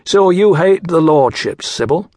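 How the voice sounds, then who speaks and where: A man's voice: fairly high pitch, lively intonation, darkish tone, no echo, voice pushed up. A man doing a smug, cold Mancunian gent. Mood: teasing. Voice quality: smooth. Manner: slow, superior, smirking. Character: smooth, cold Manchester gentleman secretary, smug and cruel.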